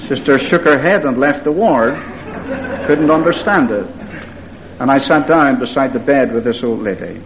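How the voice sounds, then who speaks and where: An earnest preacher, a man, recounts a visit in a plain, measured manner at a middling pitch. The recording is dull and lo-fi, with the highs rolled off. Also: expressive. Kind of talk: sermon storytelling.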